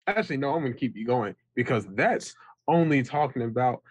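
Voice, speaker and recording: A man's voice: mid-range voice, expressive, fairly quick, slightly rough, no room sound. A man hosting a sports talk show, wry and prodding his co-host to keep going.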